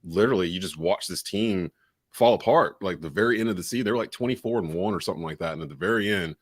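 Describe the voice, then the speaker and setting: A man's voice: sits low, fast talker, dry recording, clean studio sound. A man from North Carolina co-hosting a sports podcast, talking casually with plenty of "uh" and "like". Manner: relaxed, fillers like "uh" and "like". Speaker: podcast co-host, local sports broadcaster.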